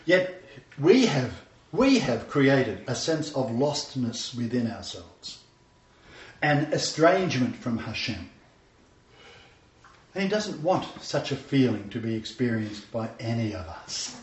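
A man preaches emphatically, repeating his scripture references as he goes, while the congregation calls out. His medium-pitched voice is sing-song and slow, and the sound is echoey, dull and distant.

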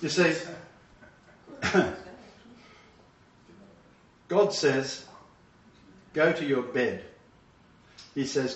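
Older man, sermon, preacher, dramatic loud-to-hushed swings, muffled dull recording. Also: lively intonation, slow pace, long pauses. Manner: dramatic swings between loud emphatic bursts and hushed low asides. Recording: roomy, distant, dull-sounding hall recording.

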